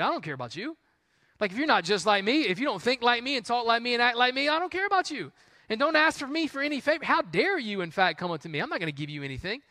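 A man's voice: high-pitched, sharp tone, dry recording, clean studio sound. A man preaching, acting out a mean, crude rich man who sneers at strangers. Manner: dismissive, sneering.

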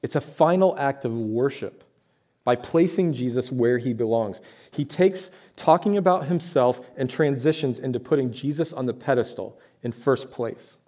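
A man's voice: medium pitch, normal speed, warm tone. A man preaching a sermon to his church, talking in a conversational way with rhetorical questions and emphatic points. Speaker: pastor.

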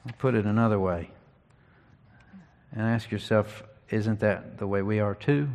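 A man preaching an expository sermon, teaching earnestly and reading scripture slowly with emphasis. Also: fairly low pitch, darkish tone.

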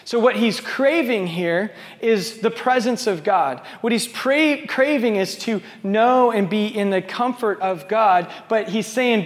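Guy preaching a sermon, high voice, goes quiet then loud, big echoey hall. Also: unhurried. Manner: conversational, wide swings from soft to loud. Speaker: pastor. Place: church sanctuary with a small live audience.

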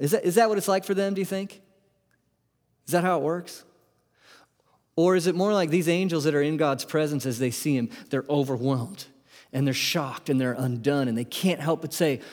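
A man's voice: on the high side, moderate pace, big-room sound. A man preaching a sermon to his congregation, conversational and full of questions to the room. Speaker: pastor. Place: church sanctuary.

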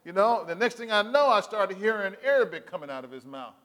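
High-voiced preacher in a reverberant hall. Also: male voice, brisk. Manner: call-and-response preaching, asks "Amen?"; animated storytelling with quoted voices. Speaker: pastor. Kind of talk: sermon.

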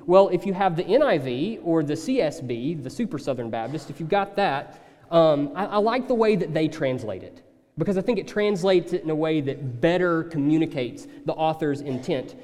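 A man preaching a sermon in a conversational, animated way, slipping into acted asides. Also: a little high, a little fast, long reverb tail. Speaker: pastor.

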